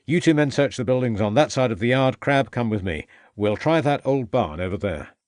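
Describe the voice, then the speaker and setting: A man voicing a calm, compassionate Victorian police inspector who speaks with measured courtesy. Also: mid-range voice, no room sound, clean studio sound, close to an everyday voice. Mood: firm.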